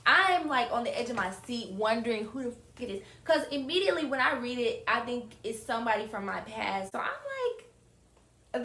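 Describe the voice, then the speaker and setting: A young woman telling a casual storytime to her viewers, animated and often calling out to them. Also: on the high side, normal speed. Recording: roomy echo.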